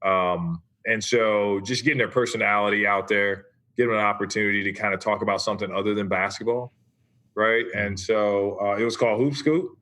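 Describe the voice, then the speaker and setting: Guest, man in his 40s: low-ish, bright and punchy, easygoing storyteller. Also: fairly even intonation, brisk. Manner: easygoing, tags points with "right?". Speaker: podcast guest, former basketball player. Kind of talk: casual interview storytelling.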